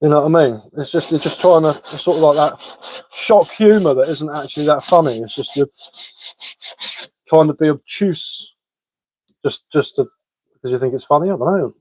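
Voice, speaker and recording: A man with a Sussex English accent talks cheerfully, in a voice a touch higher than most. He chats loosely on a live stream and throws in rhyming slang. The sound is close and dead dry. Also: normal speed, long pauses, darkish tone, dry recording, low-quality recording. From England. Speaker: live streamer of bushcraft and woodwork. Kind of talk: casual live chat answering comments.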